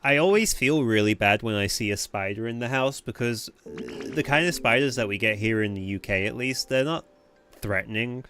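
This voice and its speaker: A man's voice: medium pitch, normal speed, fairly bright tone, a little hiss or hum. Joking man streaming a game. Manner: joking, swearing, chatty with chat. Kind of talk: casual let's-play commentary.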